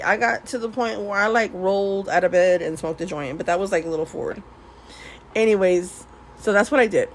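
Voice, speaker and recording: A woman's voice: mid-range voice, slight background noise. A woman telling her life story in a casual vlog, rambling, laughing often, swearing and dropping in Spanish words. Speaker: vlogger. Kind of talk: casual storytelling while swatching paints.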